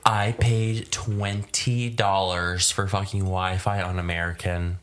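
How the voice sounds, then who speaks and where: A young man co-hosting a casual podcast, talking in a vocal fry and swearing freely while distracted by his phone. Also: low voice, level tone, takes it slowly, a bit bright. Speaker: podcast co-host. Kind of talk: casual chat.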